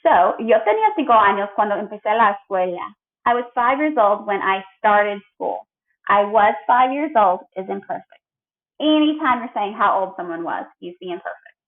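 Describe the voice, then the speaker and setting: A woman teaching a recorded grammar lesson, explaining patiently and drilling verb forms clearly. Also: medium pitch, lively intonation, normal speed. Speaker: Spanish teacher. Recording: tinny phone-like audio.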